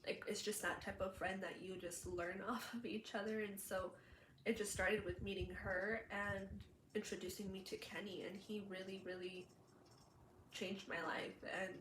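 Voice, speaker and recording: A woman's voice: medium pitch, level tone, moderate pace, a bit bright. A young woman telling a personal story in a vlog, chatty with many fillers, emotional and laughing through tears. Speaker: vlogger. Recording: roomy echo, faint background hum.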